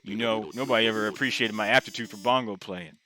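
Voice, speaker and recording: A man's voice: on the low side, steady tone, fast talker, sharp tone. A man voicing a boastful male skeleton bongo player with a brash, cocky manner.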